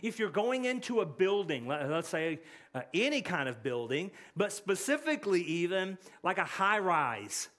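A man's voice: sits high, sing-song, normal speed, a bit bright. A man preaching a sermon in a church, earnest and conversational, often repeating words as he goes. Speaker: pastor. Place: church sanctuary.

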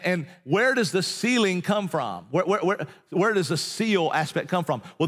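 A man delivers a sermon in a conversational, emphatic way, throwing rhetorical questions at his congregation. His voice sits a bit high for a man. The sound rings with the long reverb of a large church hall. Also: fairly bright tone. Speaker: pastor.

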